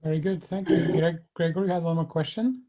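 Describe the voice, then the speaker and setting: A man's voice: on the high side, fairly quick, mellow, a little hiss or hum. A man moderating an online meeting, brief and polite, with fillers. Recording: muffled video-call audio.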